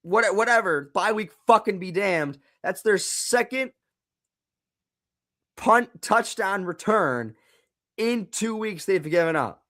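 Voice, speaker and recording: A man's voice: sits high, animated, slow, a bit bright. A young man hosting a live football reaction stream, exasperated and repeating himself, now and then swearing. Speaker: live game reaction host.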